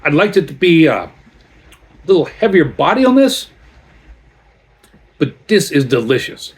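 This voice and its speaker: A man's voice: a little high, sing-song, unhurried. A man reviewing a beer in a casual vlog, chatty and rambling as he tells stories between sips.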